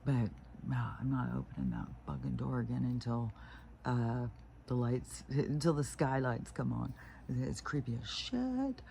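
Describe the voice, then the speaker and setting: A woman with a gravelly, creaky edge talks to the camera from home in the early hours. Her tone is dark and mellow, and she rambles loosely from thought to thought, swearing freely as she goes. A faint hiss sits under the recording. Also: extremely low pitch, sing-song, a little slow. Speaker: spiritual vlogger. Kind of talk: casual rambling monologue.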